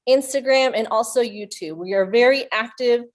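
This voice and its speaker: Speaking to young kids over a computer mic, a young woman who works as a youth librarian hosts a virtual story time with an upbeat energy. Her voice is a little high and her pace is normal.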